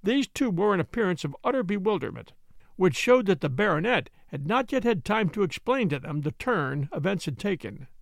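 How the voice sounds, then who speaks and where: Male audiobook narrator, measured storytelling, gravelly, dry close recording. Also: sits high, big pitch swings, no room sound. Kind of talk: scripted narration.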